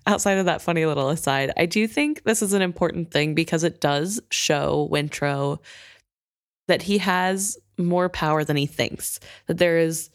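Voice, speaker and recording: Low-voiced woman in chatty book talk. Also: no room sound, studio quality. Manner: animated, quick to laugh, uses "like" a lot. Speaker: book podcast co-host. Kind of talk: casual chat.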